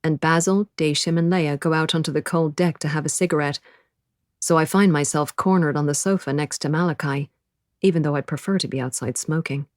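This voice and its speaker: A woman narrating an audiobook in the first person, measured and quiet. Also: low-pitched, fairly even intonation, dry recording, clean studio sound.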